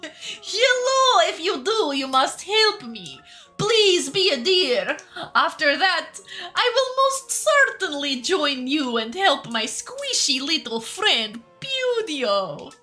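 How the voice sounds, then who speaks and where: A woman voicing a theatrical, flirtatious female wind spirit who speaks in a grand, drawn-out pleading way. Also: extremely high pitch, very animated, bright, forceful tone, soft background music, pitched above the performer's own voice, heavily acted.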